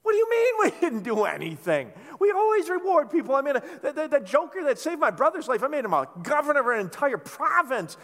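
A man's voice: sits high, huge pitch swings, moderate pace, vocal fry, heavily acted. A man playing an incredulous, exclamatory ancient king in a reverberant hall, as he retells a scripture story. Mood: indignant. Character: indignant ancient Persian king, male adult.

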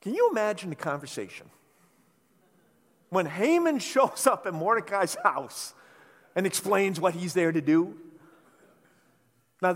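Animated, high-voiced male preacher. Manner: animated storytelling, conversational. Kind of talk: sermon. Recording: reverberant hall.

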